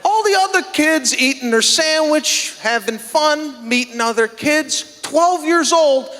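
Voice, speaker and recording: A man working a theater stage with a very high, piercingly bright voice, ranting in exasperated disbelief and acting out every exchange. The sound rings with a long hall reverb around his handheld mic. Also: a little hiss or hum. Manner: indignant, exasperated storytelling with acted-out dialogue. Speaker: stand-up comedian. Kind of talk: stand-up set. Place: theater stage before a live audience.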